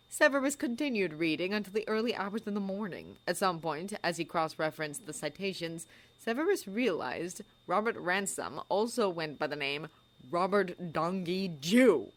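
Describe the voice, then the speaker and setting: Woman, audiobook narration, measured, lowish voice, bright tone. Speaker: fanfiction narrator.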